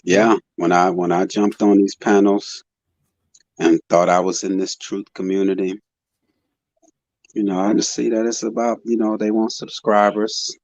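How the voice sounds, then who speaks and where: A man's voice: on the low side, little pitch movement, unhurried, a little mellow, no echo, lo-fi sound. A man hosting a live online panel, musing aloud and greeting chat members by name. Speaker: host of a live panel stream. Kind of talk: casual live-stream chat.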